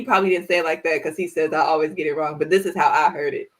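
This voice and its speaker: A woman co-hosting a casual chat, telling stories in a lively way and acting out the quotes. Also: fairly low pitch, very fast, few pauses. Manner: animated storyteller, acts out quotes loudly. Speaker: podcast co-host.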